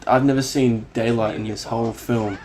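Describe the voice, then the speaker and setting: Male reaction-video host, mid-pitched, animated and foul-mouthed, film soundtrack playing under his commentary. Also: normal speed, faint music behind. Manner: animated, exclaiming, swearing freely.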